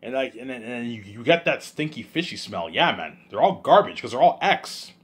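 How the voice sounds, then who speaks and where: Husky man rambling in a monologue. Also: expressive, fairly quick. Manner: repetitive, keeps saying "you know what I'm saying"; swings between loud outbursts and low mumbles. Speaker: host of his own listening series.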